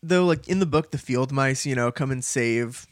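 A man's voice: mid-range voice, normal speed, no room sound, clean studio sound. A man co-hosting a podcast in casual chat, playful and jokey, laughing often. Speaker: podcast co-host.

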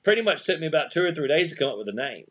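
Husky-voiced man telling rambling stories. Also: a little high, big pitch swings, racing. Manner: rambling anecdotes with frequent restarts and chuckles. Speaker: podcast guest, eyewear company CEO. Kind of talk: casual storytelling interview.

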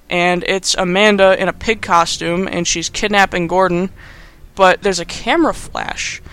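A man's voice: high-pitched, sharp tone, clear, resonant tone, no echo. A young man recapping a movie in a casual, rambling, sarcastic way, laughing as he talks. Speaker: podcast host.

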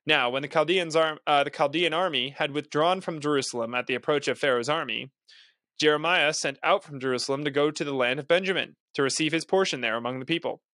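A man's voice: fairly high pitch, fast talker, pushed and bright, dry recording. Earnest man reading scripture, dry sound. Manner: earnest, with casual asides. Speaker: podcast host. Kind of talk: Bible reading with commentary.

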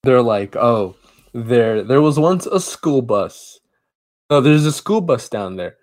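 A man in casual podcast chat walks through a film's story in a loose, rambling way, doubling back on his words and stopping to restart sentences. His voice sits at an ordinary middle pitch and his tone stays relaxed and conversational. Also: slow pace. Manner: rambling retelling with many restarts. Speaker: podcast co-host. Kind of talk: casual movie review chat.

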